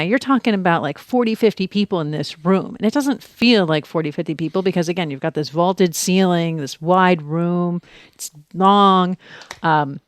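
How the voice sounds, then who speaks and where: A woman in casual chat, telling a story with animated quoting, dropping to soft whispers and rising to excited outbursts. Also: fairly low pitch, no room sound, studio quality. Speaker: podcast guest sharing a retreat experience.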